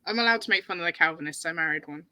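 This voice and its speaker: Bright-voiced British woman, teasing. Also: fairly low pitch, low-quality recording. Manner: playful, teasing, quick to laugh. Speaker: podcast guest. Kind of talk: casual chat on a stream.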